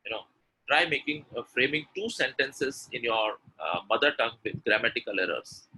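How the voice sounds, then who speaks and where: A man's voice: medium pitch, lively intonation, moderate pace, bright, forceful tone, a little hiss or hum, rough recording. A man teaching pronunciation in a live webinar, quizzing the audience with word pairs and praising their answers. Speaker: English pronunciation coach.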